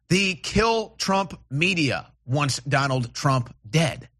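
A male radio talk show host runs a political call-in show, ranting in an agitated, repetitive way with restarts and repeated rhetorical questions that rise into indignation. His voice is a little high, bright, and forceful.

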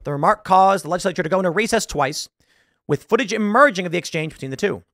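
A man hosting a political commentary monologue, sarcastic and emphatic, jumping between loud jabs and quiet asides. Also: sits high, animated, quick pace, no echo, clean studio sound. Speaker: commentary host.

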